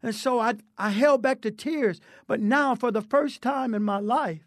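Male preacher, high-pitched and impassioned, testimony and altar call, dry close sound. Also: measured pace, hardly any pauses, no echo. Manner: impassioned, preacherly, swings between low and high.

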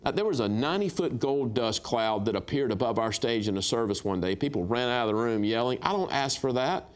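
A middle-aged man, a guest minister, telling lively stories on a talk show and acting out dialogue with laughs. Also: medium pitch, a little fast. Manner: animated storyteller, acts out dialogue, laughs. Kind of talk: storytelling testimony on a talk show.

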